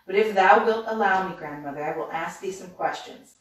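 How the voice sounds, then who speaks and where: A woman's voice: fairly low pitch, brisk, lightly acted. A woman reading a storybook aloud, voicing a timid, polite young girl who speaks carefully in archaic words, recorded from a distance in a roomy space. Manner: careful, quiet, archaic speech.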